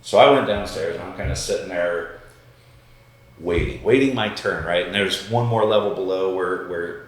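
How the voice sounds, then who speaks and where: Deep-voiced man telling a story in an echoey room. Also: moderate pace. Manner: animated, acts out quotes, swears freely. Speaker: podcast guest. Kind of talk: casual storytelling.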